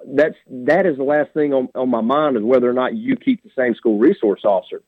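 A man's voice: medium pitch, brisk, dry recording. Blunt man on a phone line. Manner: blunt, plain-spoken, emphatic. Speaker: sheriff candidate, radio guest. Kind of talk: phone-in radio interview. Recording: tinny dry phone line.

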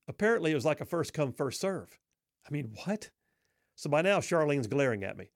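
A middle-aged man with a drawl tells a funny story on himself, folksy and wry. His voice sits at an ordinary pitch, recorded close and dry with no room around it. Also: expressive, fast, no room sound. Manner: wry, self-deprecating, folksy. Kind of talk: humorous personal storytelling.

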